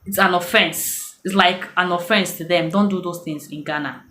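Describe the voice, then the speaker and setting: A woman from Nigeria, accent to match, tells stories in her video blog to give casual advice, chatting and acting out the voices she quotes. Her lowish voice is steady and a bit bright at a moderate pace, recorded in an echoey room.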